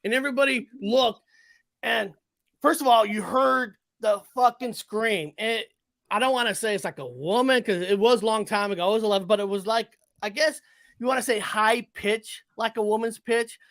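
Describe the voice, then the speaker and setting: A man in his forties telling a story in casual conversation, animated and profane, often restarting and correcting himself. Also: high-pitched, moderate pace, no room sound. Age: 40s. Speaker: guest.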